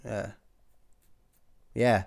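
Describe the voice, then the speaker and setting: Rambling sweary young British man. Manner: rambling, self-mocking, sweary, quick swings between loud and mumbled. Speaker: podcaster and stand-up comic. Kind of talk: casual solo chat.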